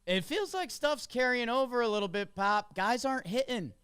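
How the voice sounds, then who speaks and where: A man's voice: very high voice, lively intonation, normal speed, a bit bright, clear, resonant tone, no room sound. A man co-hosting a podcast, talking sports casually and chattily with jokes and fillers. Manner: chatty, jokey, with many fillers. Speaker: podcast co-host.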